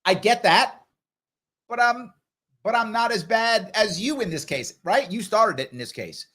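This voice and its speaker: Brief: middle-aged male livestream host, slightly high voice, very lively pitch, chatty direct commentary. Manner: animated, talks straight to viewers, acts out others in quick voices. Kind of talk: live Q&A commentary.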